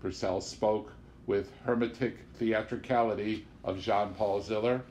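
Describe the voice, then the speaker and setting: A man narrating a novel as an audiobook, in a measured, expressive reading style. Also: lowish voice. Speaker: audiobook reader.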